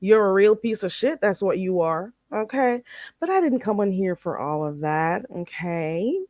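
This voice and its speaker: A woman's voice: sits low, darkish tone, no room sound. A woman hosting a casual livestream, chatty and blunt, teaching phrases with many fillers.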